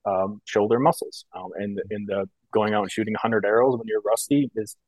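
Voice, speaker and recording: A man's voice: on the low side, steady tone, fairly quick, a little mellow, no room sound. A man co-hosting a podcast, chatting casually and rambling through a personal story with lots of filler words. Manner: casual, rambling, many fillers like "you know" and "like". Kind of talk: casual chat.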